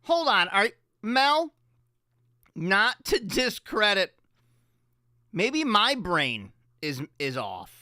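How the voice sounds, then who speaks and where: A man's voice: sits high, sing-song, very slow, pauses often, bright, forceful tone, no echo, studio quality. Loose, profane radio host man. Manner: loose, profane, rambling and jokey. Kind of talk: casual chat on a morning radio show. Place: radio studio.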